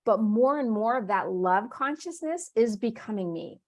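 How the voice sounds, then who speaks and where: Speaking at a normal speed, this woman has a slightly high voice with lively intonation. She's running a spiritual workshop online and live, spinning warm, conversational stories full of laughter, with quoted asides where she voices her own inner thoughts.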